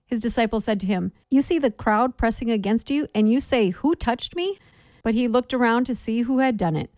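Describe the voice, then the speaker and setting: A woman giving a measured Bible reading for a daily reading plan, with clear, steady delivery. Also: on the high side, no room sound, studio quality. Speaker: scripture reader.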